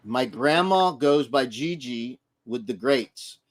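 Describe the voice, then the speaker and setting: A middle-aged grandfather co-hosting a casual livestream chat, telling animated family stories and acting out voices. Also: mid-range voice, takes it slowly. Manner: animated storyteller who acts out voices. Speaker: livestream co-host.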